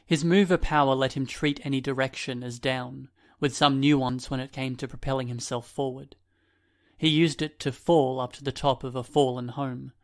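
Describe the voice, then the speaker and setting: With a mid-range voice, a man reads an audiobook script in a steady, measured manner.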